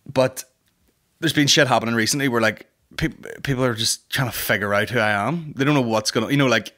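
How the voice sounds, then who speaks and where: A man's voice: medium pitch, a little fast, sharp tone. A man in his thirties hosting a comedy podcast, rambling and swearing in a boisterous casual monologue. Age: 30s. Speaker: podcast host.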